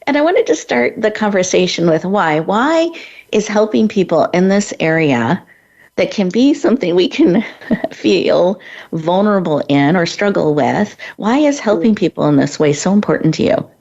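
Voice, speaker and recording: A woman's voice: fairly low pitch, animated, moderate pace, creaky, darkish tone. Effusive female host, lo-fi call. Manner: effusive, upbeat introductions. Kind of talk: interview hosting. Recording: muffled, lo-fi sound.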